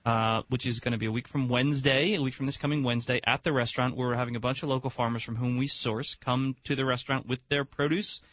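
A man with a New Jersey accent co-hosting a radio show, talking quickly and enthusiastically with strong opinions. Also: mid-range voice, steady tone. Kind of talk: casual radio chat. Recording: dull lo-fi radio broadcast.

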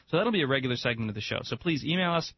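A man with a New Jersey accent co-hosting a radio show, talking quickly and enthusiastically with strong opinions. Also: medium pitch, animated, slightly rough, no room sound. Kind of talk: casual radio chat. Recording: dull lo-fi radio broadcast.

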